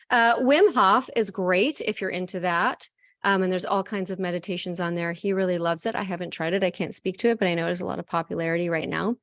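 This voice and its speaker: A woman's voice: mid-range voice, no echo, clean studio sound. A woman coach in a casual, candid talk, guiding breathing exercises with frequent fillers. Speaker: host and coach.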